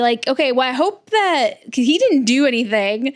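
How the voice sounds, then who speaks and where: A woman's voice: sits high, sing-song, normal speed. Chatty young woman book vlogger. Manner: chatty, rambling, many fillers and restarts. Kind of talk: casual chat.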